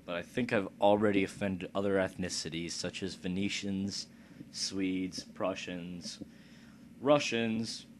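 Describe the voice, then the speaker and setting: Low-voiced, unhurried, profane gaming commentator. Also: male voice. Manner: crude, profane, joking asides. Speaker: let's play commentator. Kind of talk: casual gameplay commentary. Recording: steady background noise.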